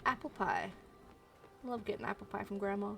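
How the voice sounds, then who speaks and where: A woman streamer chatting casually while playing a game, musing out loud with frequent ums. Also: mid-range voice, moderate pace, gravelly, faint music behind. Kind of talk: casual let's-play commentary.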